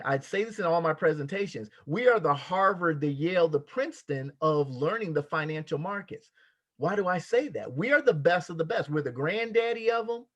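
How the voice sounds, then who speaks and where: A man's voice: high voice, fairly bright tone. A man giving a motivational sales training talk, emphatic and repetitive, with a preacher-like cadence. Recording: dull lo-fi sound.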